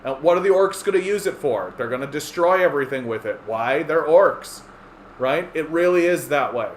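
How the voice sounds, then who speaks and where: Ranting livestream host, man, a bit high-pitched, sarcastic, swearing, roomy echo and faint hiss. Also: expressive, moderate pace. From Canada. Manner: profane, sarcastic, mocks opponents in squeaky voices. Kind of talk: ranting monologue. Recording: echoey room with faint ambient noise.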